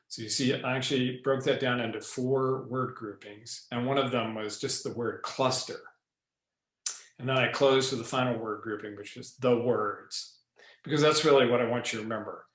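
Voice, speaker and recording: A man, a leadership professor, explaining ideas as a podcast guest, deliberately varying his pace and pausing for effect. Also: mid-range voice, fairly even intonation, roomy sound. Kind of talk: podcast interview.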